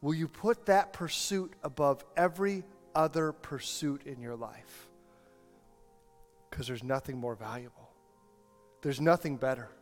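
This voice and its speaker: A man's voice: medium pitch, a little slow. A male pastor preaching a sermon, telling a story and building to impassioned appeals. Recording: long hall reverb, faint music.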